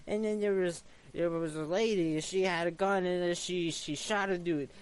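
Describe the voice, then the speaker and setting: A man's voice: high voice, steady tone, normal speed, clear, resonant tone. A man telling an improvised, rambling story full of stammering restarts.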